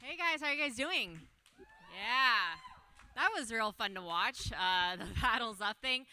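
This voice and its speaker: A woman's voice: fairly high pitch, lively intonation, a little slow, pushed and bright, slight background noise. A young woman doing a stand-up set, self-deprecating and giggly, with plenty of ums and uhs. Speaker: stand-up comedian. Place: brewery event stage.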